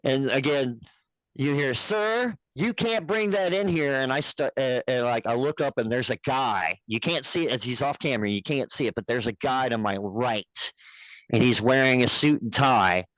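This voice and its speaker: A man's voice: medium pitch, normal speed, fairly bright tone, no echo, rough recording. A man who produces a puppet show, telling stories as a podcast guest in a rambling, profane, laughing way. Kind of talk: casual storytelling chat.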